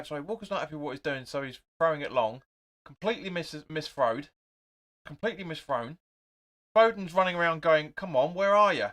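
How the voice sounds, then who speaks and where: Young male streamer, middle pitch, excitable watch-along commentary that mixes play calls with viewer chat. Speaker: host of a live football watch-along.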